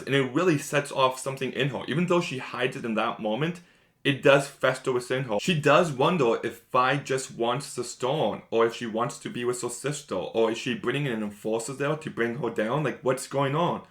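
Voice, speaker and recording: A man's voice: medium pitch, a bit bright. Enthusiastic man reviewing a show. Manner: enthusiastic, rambling, repeats himself. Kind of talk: casual spoiler review.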